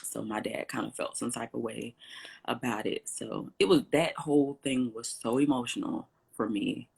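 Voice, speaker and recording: A woman guest in an interview telling a personal story in an animated way, acting out what others said and often clearing her throat. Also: a bass voice, normal speed. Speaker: interview guest, salon owner.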